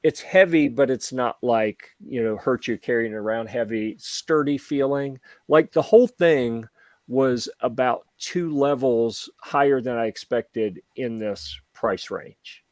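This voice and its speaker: Animated storytelling man in casual chat. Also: medium pitch, unhurried, no room sound. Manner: animated storyteller acting out quoted voices. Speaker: podcast host.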